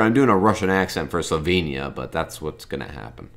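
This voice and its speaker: A man with a low, deep voice hosts a gaming video. He talks in a relaxed, casual way and tosses in joking, self-mocking remarks as he plays. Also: fairly quick, gravelly. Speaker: gaming YouTuber. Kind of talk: casual game commentary.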